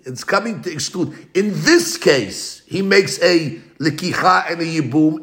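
Male Talmud teacher, bright and forceful tone, animated back-and-forth argument, chanted quotes. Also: fairly high pitch. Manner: animated, argues both sides in a quick back-and-forth; slows to chant Hebrew and Aramaic quotes. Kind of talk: Talmud lesson.

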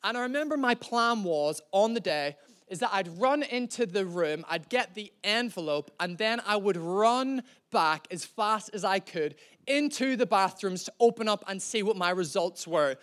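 High-voiced preacher. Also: male voice, lively intonation, a bit bright. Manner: conversational, slows down to stress key lines. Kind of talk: sermon with storytelling.

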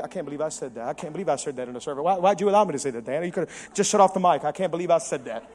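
A male pastor preaching a sermon with lots of energy, moving between loud emphasis and quiet intensity and acting out the quotes in his own voice. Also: high voice. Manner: acts out quotes of biblical figures with his own voice.

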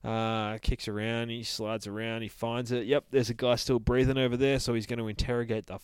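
A man's voice: mid-range voice, little pitch movement, brisk, clean tone, no echo, low-quality recording. A man hosting a podcast, casually retelling a comic in a rambling, profane, laughing way. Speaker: podcast host reviewing a comic.

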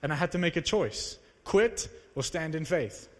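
A young man from South Africa preaching a sermon, telling a personal testimony with animated storytelling that rises into excited exclamations. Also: on the high side, moderate pace. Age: young adult. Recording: reverberant hall.

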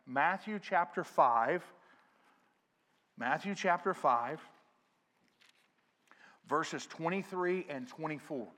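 Middle-aged male pastor, earnest sermon delivery, slightly high voice. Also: animated, takes it slowly, pauses often. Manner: earnest preaching, swells louder on scripture quotes. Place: church sanctuary.

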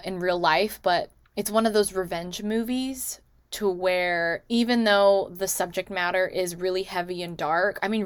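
A woman's voice: on the low side, clear, resonant tone, no room sound. Chatty woman recapping movies. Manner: chatty, many "like" and "you know" asides; acts out characters' lines in quick quotes. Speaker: movie recommendation vlogger.

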